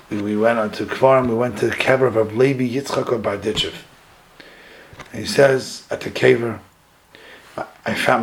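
A man giving a sermon as a rabbi, retelling a story dramatically, his voice jumping higher at key moments. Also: creaky, a little hiss or hum, poor audio.

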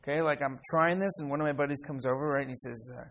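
A man's voice: medium pitch, steady tone, very fast, gravelly, hardly any pauses, a bit bright, a little hiss or hum. A man in his sixties from the United States, a rabbi teaching a class through stories, repeating words and often asking "right?". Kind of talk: classroom lesson with personal stories.

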